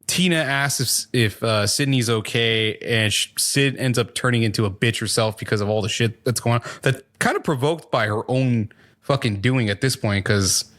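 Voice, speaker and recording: A man in a casual podcast chat, walking through a TV episode's plot at an easy, rambling clip. He swears freely and leans on fillers, at an ordinary middle pitch for a man. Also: normal speed, fairly bright tone. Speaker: podcast co-host reviewing a TV show.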